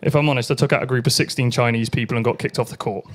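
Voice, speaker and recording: A man's voice: medium pitch, steady tone, racing. A young man performing a crude stand-up set at an open mic night, acting out voices and sounds. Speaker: stand-up comedian.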